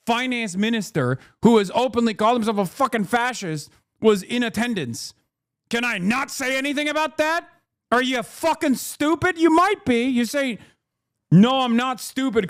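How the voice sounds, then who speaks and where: Dude streaming reaction vids, higher voice than most guys, swearing a lot, heated and sarcastic. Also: male voice. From United States. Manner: heated, profane, sarcastic ranting. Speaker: livestreamer reacting to news clips. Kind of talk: live reaction commentary.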